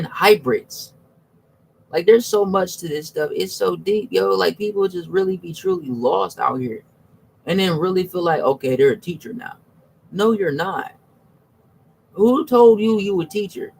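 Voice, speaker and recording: A man talking casually about religion, slangy and restless, repeating "you know what I'm saying" and restarting his sentences. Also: creaky. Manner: animated, swings from low mutters to high exclamations. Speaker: religious commentator. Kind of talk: casual spoken monologue.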